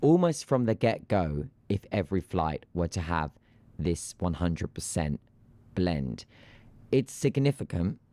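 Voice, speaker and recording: Deep-voiced man ranting on a podcast. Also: dry recording. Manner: animated, ranting. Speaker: podcast co-host. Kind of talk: casual chat about aviation news.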